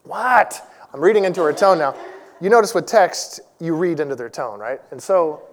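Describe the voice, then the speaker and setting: A man's voice: on the high side, lively intonation, normal speed, slight background noise. A man in his forties, a church elder, preaching a sermon in a conversational, self-deprecating storytelling way. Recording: long reverb of a large hall.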